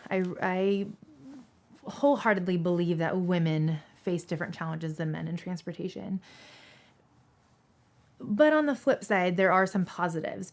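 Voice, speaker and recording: A woman in her thirties from Seattle, a dispatcher giving candid, earnest interview answers with emphatic repetition. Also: lowish voice. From Seattle, Washington State.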